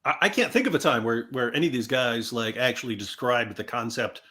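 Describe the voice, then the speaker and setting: A man chatting as a guest commentator, amused and halting, often chuckling. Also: mid-range voice, bright, forceful tone. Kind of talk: casual commentary chat.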